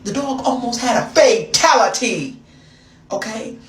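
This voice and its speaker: A woman's voice: a little high, animated, unhurried. Woman, casual storytime, chatty, slangy, roomy echo, distant mic. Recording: echoey room, far from mic, noisy.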